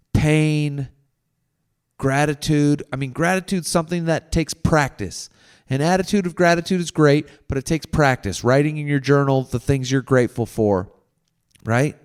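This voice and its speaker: A man talking through his feelings in a slow, wandering monologue, often asking "right?" and sometimes dropping to a soft, near-whispered voice. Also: a little high, smooth. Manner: slow, meandering, repeats "right?". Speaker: podcast host. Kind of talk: reflective spoken monologue.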